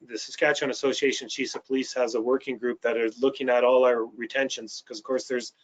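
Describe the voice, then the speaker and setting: A man's voice: medium pitch, little pitch movement, fast. Man talking casually on a muffled call. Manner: casual, frequent "uh"s. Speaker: police service panelist. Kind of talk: webinar panel talk. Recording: muffled video call audio.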